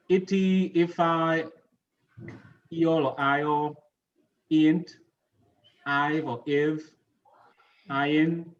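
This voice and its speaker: A man's voice: on the high side, highs cut off. A man teaching an English pronunciation lesson, patiently repeating words and quizzing his class on which syllable to stress.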